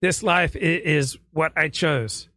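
A Canadian man delivers a lecturing, philosophizing monologue in a slightly high voice. His tone is bright and tense. The sound is close and dry. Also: steady tone, slow pace, dry recording. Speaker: online commentator. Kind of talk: monologue commentary. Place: played clip.

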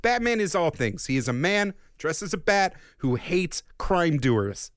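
A man co-hosting a podcast in casual chat, animated, with quick asides and frequent laughs. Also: a little high, no room sound, studio quality. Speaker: podcast co-host.

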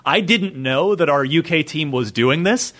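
Chatty guy hosting a casual show, voice jumps around a lot, bright tone. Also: a little high, a little slow. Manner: animated, chatty, loose with restarts. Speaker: podcast host. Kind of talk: casual chat.

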